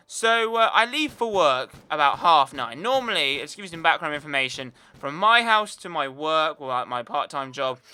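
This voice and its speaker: Chatty young British man, bright voice. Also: on the high side, smooth. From United Kingdom. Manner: chatty, rambling, lots of fillers. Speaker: gaming YouTuber. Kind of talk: casual storytelling over gameplay.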